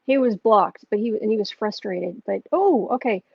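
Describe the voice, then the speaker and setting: A woman's voice: medium pitch, lively intonation, moderate pace, gravelly, slightly rough, no echo, muffled recording. A woman reading astrology and tarot on a casual home livestream, musing and thinking aloud as she goes.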